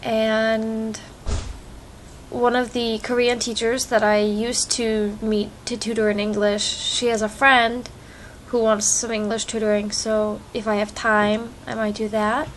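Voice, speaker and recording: This young woman's voice is a little high with little pitch movement, and she keeps a measured pace. She's casually vlogging at home with her cat on a phone camera, rambling comfortably despite allergies and itchy eyes. The recording quality is poor, with slight background noise.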